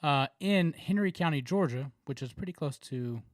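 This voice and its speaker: This podcast co-host, a man with a Southern American accent, chats in a casual, rambling way, laughing often and filling gaps with fillers. His voice is fairly high with lively intonation, at normal speed. The recording is dry.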